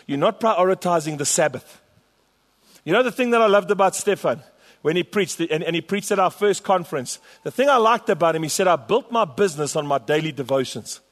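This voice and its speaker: A man's voice: high voice, lively intonation, fast talker. A man pastor preaching a sermon to his church, emphatic and repetitive. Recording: long hall reverb.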